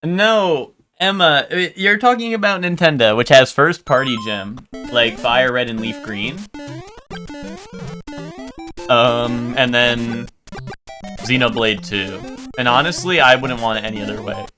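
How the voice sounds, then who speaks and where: A man's voice: mid-range voice, measured pace, music in the background. A young man chatting casually with his viewers during a live game stream, joking and riffing on chat.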